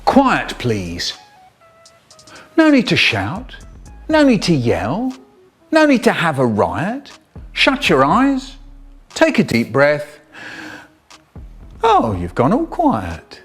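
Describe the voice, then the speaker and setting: A woman in a short clip played within a video, calmly telling the listener to be quiet and take a deep breath. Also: slow pace, long pauses, breathy edge, soft background music.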